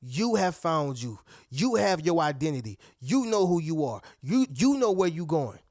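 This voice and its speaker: In a sing-song voice with a darkish tone at normal speed, a man hosts a motivational video, studio quality and free of room sound. He preaches emphatically to his "y'all" and "family" viewers and frequently acts out other people's lines, pitching up his voice.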